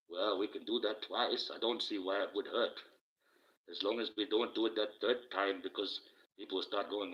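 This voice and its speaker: A man doing a casual live stream, talking slowly and deliberately through a face mask, with motivational sayings in between. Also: on the low side. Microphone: cheap phone with the microphone low down. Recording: muffled lo-fi cheap phone mic.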